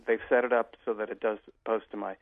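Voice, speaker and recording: A man who is a doctor, speaking as a guest in a halting, self-deprecating way with chuckles. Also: lowish voice, flat delivery, no room sound, narrow, tinny audio.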